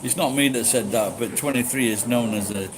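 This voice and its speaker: Rambling middle-aged Yorkshireman, noisy room. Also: medium pitch. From Yorkshire, England. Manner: rambling, halting, swears casually; talks slowly and deliberately. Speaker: livestream host. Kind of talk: casual livestream chat. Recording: steady background noise.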